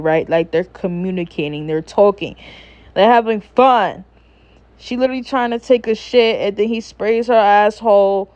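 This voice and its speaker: A woman's voice: mid-range voice, darkish tone, clean tone, muffled recording. A woman casually recapping a cartoon episode, rambling and swearing freely as she chats. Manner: rambling, profane, chatty. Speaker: YouTuber reviewing a cartoon episode.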